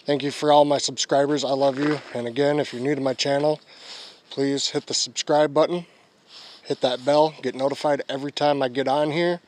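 A man's voice: medium pitch, fairly even intonation, moderate pace, a little mellow, a little hiss or hum. A young man vlogging and telling a story to camera in a crude, rambling way, swearing a lot.

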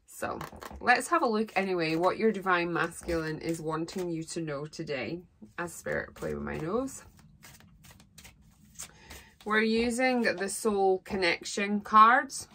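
A woman's voice: on the low side, unhurried, sharp tone, slight background noise. A woman giving a rambling, heartfelt tarot reading as a psychic. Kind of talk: solo tarot reading monologue.

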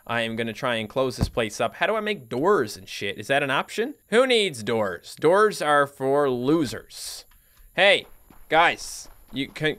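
Young male let's-play host, excitable and jokey, clear voice, higher than average. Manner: excitable, jokey, talks to viewers, big pitch jumps. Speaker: gaming YouTuber.

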